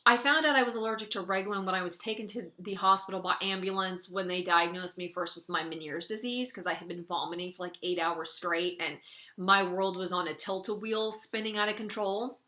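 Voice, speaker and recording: Bright-voiced woman telling a personal story. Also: medium pitch, fairly quick. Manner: chatty, frequent "like", wry laughs between lines. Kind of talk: casual story-time monologue.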